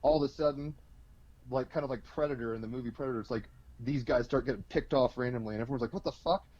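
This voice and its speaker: A man on as an astrology guest, telling an animated, rambling story, heavy with fillers. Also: mid-range voice, quick pace, highs cut off. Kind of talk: casual storytelling explanation.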